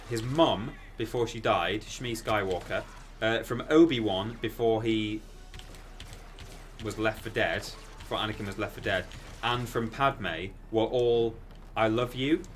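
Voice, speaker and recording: A man chatting casually while streaming a video game, rambling and bursting into excited exclamations. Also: fairly low pitch, slight background noise. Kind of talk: casual gaming stream commentary.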